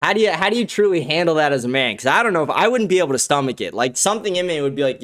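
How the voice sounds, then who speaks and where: Profane male livestream host, a bit high. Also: big pitch swings, rapid-fire, hardly any pauses, fairly bright tone. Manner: crude, profane, laughs often. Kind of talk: casual livestream commentary. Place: studio.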